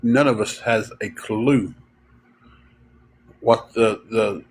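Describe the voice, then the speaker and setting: A man's voice: lowish voice, slow pace, a little hiss or hum, low-quality recording. A man, hosting a livestream and telling rambling stories to viewers, full of fillers and chuckles. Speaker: livestream host. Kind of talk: casual storytelling to viewers.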